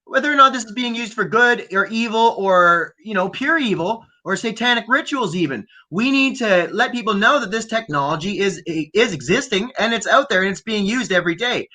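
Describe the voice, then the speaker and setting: A man's voice: high voice, a little fast, few pauses. A man from Canada co-hosting a casual conspiracy podcast, talking loosely and swearing often. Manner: animated, swearing, mock accents. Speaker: podcast co-host.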